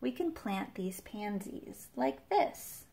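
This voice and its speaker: An eager little girl who loves digging in the dirt, read aloud by a woman. She speaks slowly with a gravelly edge in a lifted storybook tone. The lines come from a picture book read to small children. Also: a little high, big pitch swings, mellow, voice pushed up, full character voice.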